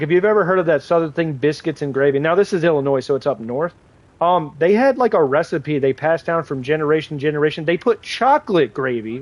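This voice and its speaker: A man's voice: on the high side, dry recording. A young man telling a rambling, profane story while streaming a game, with lots of fillers. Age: young adult. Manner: rambling storyteller, swears freely, many fillers. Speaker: gaming streamer. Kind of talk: casual live-stream chat while playing.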